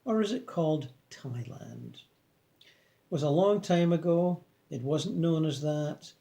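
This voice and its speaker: A man voicing a wise, effusive old male spirit teacher with a Chinese accent, speaking slowly and majestically. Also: on the high side, dark tone. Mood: majestic. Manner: slow, majestic, enthusiastic.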